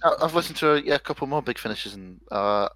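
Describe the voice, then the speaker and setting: A man's voice: medium pitch, lively intonation, quick pace, fairly bright tone. A man hosting a casual podcast chat, hesitant and often laughing. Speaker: podcast host.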